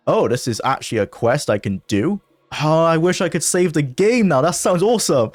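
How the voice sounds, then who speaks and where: A man giving let's play commentary on a mobile game, excitable, with jumpy bursts of panic and frequent laughter. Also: a little high, normal speed, dry recording. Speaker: gaming video creator.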